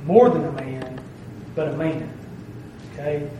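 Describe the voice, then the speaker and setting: A man's voice: a little high, steady tone, unhurried, mellow, slight background noise. A man preaching a sermon with emphasis, stressing his phrases and asking "okay?" to check that he is followed. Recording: very echoey room, heard from a distance.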